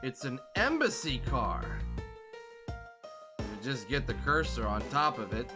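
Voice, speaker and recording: A man voicing a cool, sharp male prosecutor who speaks in a measured, confident way. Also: mid-range voice, sing-song, voice pushed down. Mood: composed. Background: game music.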